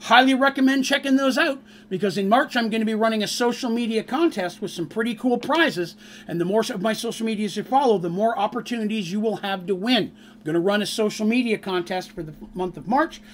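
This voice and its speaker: A man's voice: high voice, brisk, a little hiss or hum. A man who runs a tabletop game on stream, chatting casually with his audience in an upbeat, teasing way.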